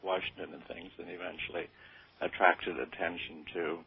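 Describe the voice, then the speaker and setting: A deep, gravelly voice of an older man, answering interview questions in a modest, halting way. His voice is husky and sounds thin, as if heard over a phone line. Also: level tone. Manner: hesitant, modest, with many fillers. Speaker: interview guest. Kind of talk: radio interview. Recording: tinny phone-like radio sound.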